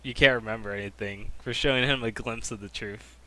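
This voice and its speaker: A man's voice: on the low side, steady tone, fairly quick, a crowd in the background, rough recording. A man co-hosting a casual anime podcast, asking questions and hesitating with fillers. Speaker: podcast co-host. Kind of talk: casual anime recap chat.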